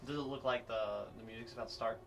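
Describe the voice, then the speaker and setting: A man's voice: medium pitch, fairly even intonation, fast talker, vocal fry. A man playing a tabletop game, talking casually and hesitantly as he thinks aloud. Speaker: player. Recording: distant mic, faint noise.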